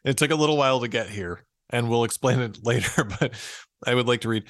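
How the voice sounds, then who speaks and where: A man in a casual podcast chat, retelling an old fairy tale with frequent amused laughs. His voice sits at an ordinary middle pitch, and the recording is dry and close, with no room sound. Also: animated, fairly quick, a bit bright, dry recording. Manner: amused, laughs often while reading. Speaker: podcast co-host.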